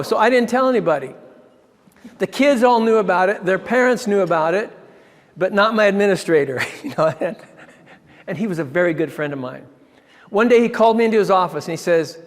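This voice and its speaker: A man, a ministry founder, telling a personal story in an excitable way, often restarting his sentences and chuckling. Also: high voice. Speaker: ministry founder giving a talk. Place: church hall. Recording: long hall reverb.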